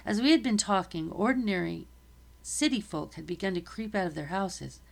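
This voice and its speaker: A woman reading a novel aloud in a steady, measured storytelling voice. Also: medium pitch, creaky. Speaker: reader.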